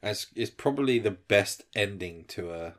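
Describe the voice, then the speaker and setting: A man co-hosting a podcast in casual chat, animated and quick to laugh. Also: lowish voice. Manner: animated, acts out quotes, laughs easily. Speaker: podcast co-host.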